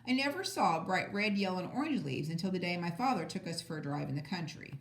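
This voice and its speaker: A woman reading a children's book aloud, lively and expressive with small stumbles. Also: lowish voice, quick pace, reverberant. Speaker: audiobook reader. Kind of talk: storybook read-aloud.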